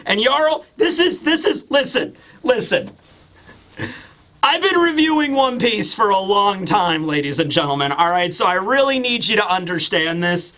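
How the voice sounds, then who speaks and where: A man with a high, bright voice rambles through a manga chapter review. He is animated and chatty, addressing his audience directly with lots of "okay" and "right". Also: moderate pace. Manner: animated, rambling, talks straight to viewers. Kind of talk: casual video review commentary.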